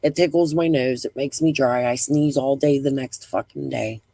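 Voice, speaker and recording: A woman's voice: extremely low pitch, steady tone, normal speed, warm tone, dry recording. Woman, middle-aged, live stream host, blunt and profane, rambling chat, heavy breathing, dry close sound. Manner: blunt, swears freely, rambling. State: breathing heavily.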